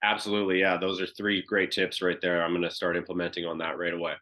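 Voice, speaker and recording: A man with a very low voice speaks quickly and earnestly on a coaching call. He sounds nervous but open as he asks for advice. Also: monotone, pushed and bright. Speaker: coaching client. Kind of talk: asking for advice on a group call.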